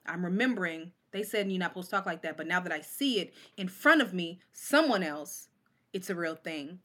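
A woman in her forties with a somewhat low voice tells stories from her life. She keeps the talk casual and animated, dropping into quoted voices as she goes. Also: fairly quick. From Oakland, California. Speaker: poet and guest. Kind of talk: casual interview storytelling.

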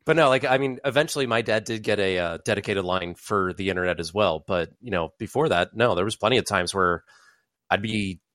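A low-voiced man sits in as a podcast guest. He talks in a laid-back way with casual swearing, and the sound is dry and close. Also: a little fast, a bit bright, no echo.

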